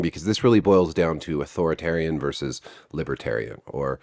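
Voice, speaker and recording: Deep, lively-voiced man sounding off. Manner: blunt and profane, sarcastic. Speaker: video game commentator. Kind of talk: opinionated video commentary.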